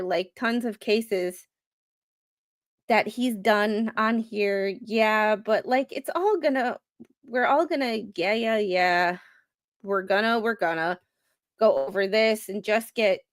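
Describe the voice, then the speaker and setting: A woman hosting a commentary stream, reading court documents aloud in a halting, rambling way, with many fillers and restarts. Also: mid-range voice, no echo. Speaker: commentary host.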